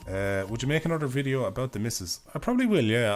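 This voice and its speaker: Fast-talking hoarse Irish streamer. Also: male voice, mid-range voice, sing-song, soft background music. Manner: rambling, swears freely, laughs often. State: hoarse, voice failing. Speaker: game streamer. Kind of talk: casual livestream chat while gaming.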